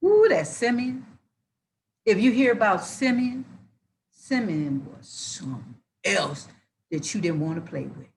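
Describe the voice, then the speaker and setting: A woman reading scripture aloud and preaching on it with excitable energy that often rises into hollering. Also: mid-range voice, a little slow, slight background noise. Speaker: Bible teacher.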